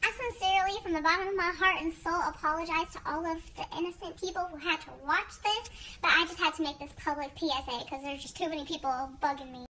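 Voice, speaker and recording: A woman's voice: very high-pitched, fairly even intonation, quick pace, sharp tone, low-quality recording. A young woman ranting bluntly and emphatically into her phone camera for a social media story. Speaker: vlogger.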